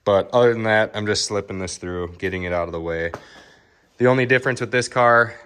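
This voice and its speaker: Low-voiced man rambling in a shop. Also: a little fast, bright, forceful tone, smooth. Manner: casual, rambling, filler-heavy. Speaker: car fabricator. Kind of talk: casual shop vlog. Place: car workshop.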